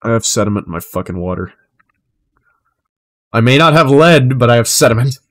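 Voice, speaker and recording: A young man chatting casually on a live stream, rambling and swearing, his delivery swinging between flat and animated. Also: medium pitch, fairly quick.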